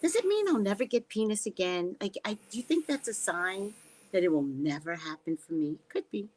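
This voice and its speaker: A woman's voice: mid-range voice, lively intonation, brisk, darkish tone, low-quality recording. A woman psychic reader hosting a casual livestream, chatting in a rambling way and reading out viewer comments.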